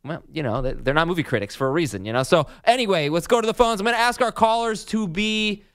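Male radio host, higher voice, smooth clear tone, dry studio sound, brisk call-taking. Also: expressive, a bit bright, no echo. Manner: brisk, takes calls, moves the show along. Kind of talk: sports radio hosting.

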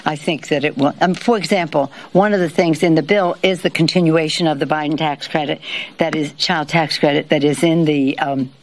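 Halting woman answering press questions. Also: low voice, fairly even intonation. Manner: halting, with many fillers and restarts. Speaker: politician at a press conference.

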